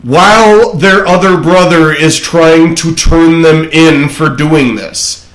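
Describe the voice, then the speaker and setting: Casting: mocking, foul-mouthed male podcast co-host, slightly high voice, echoey room. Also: takes it slowly, fairly bright tone. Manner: profane, mocking, does brief impressions. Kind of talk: casual political chat.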